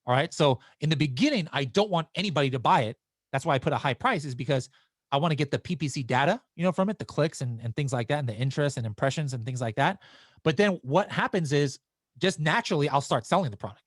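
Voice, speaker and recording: A man's voice: on the high side, lively intonation, fast talker, dry recording, studio quality. A man hosting a live webinar, answering viewer questions in a casual, chatty way. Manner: casual and chatty, with frequent restarts and fillers.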